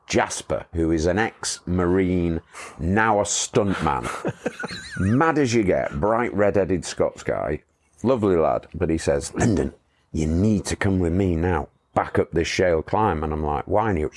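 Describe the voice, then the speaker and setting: Very deep-voiced man telling a story. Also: expressive, moderate pace. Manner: rambling, chuckling anecdotes with restarts. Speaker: motorcycle tour company owner, guest. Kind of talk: casual storytelling interview.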